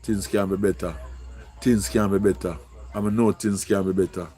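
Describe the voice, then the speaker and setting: A man's voice: lowish voice, fairly even intonation, normal speed, warm tone. A man with a Jamaican accent, pleading and repeating himself as he speaks emotionally to viewers on a live stream. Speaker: livestreamer.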